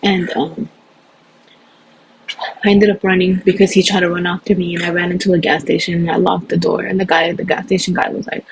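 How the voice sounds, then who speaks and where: A woman telling her own story in an emotional, animated way, acting out the voices of others. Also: fairly low pitch, moderate pace, gravelly, pauses often, a little hiss or hum, low-quality recording. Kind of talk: personal storytelling.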